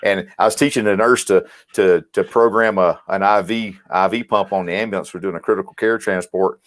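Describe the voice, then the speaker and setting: A middle-aged man from South Mississippi talks with a broad Southern drawl in a low voice. He tells stories in a folksy, animated way on a podcast. The sound is close and dry. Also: fairly quick, no room sound. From South Mississippi, USA. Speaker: podcast guest, medical instructor. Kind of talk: casual podcast chat.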